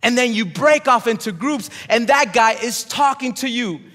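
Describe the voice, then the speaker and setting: High-voiced preacher in a reverberant church. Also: male voice, moderate pace. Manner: emphatic, swings between shouts and hushed drops; leads call-and-response with the congregation. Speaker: pastor. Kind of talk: sermon. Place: church sanctuary. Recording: long hall reverb.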